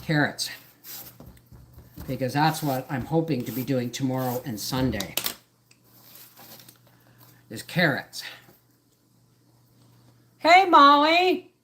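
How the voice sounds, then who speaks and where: A woman's voice: a bass voice, slow, pauses often, a little hiss or hum. A middle-aged woman hosting a casual live stream from her home kitchen, rambling and jumping between topics as she chats. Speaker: homesteader livestream host.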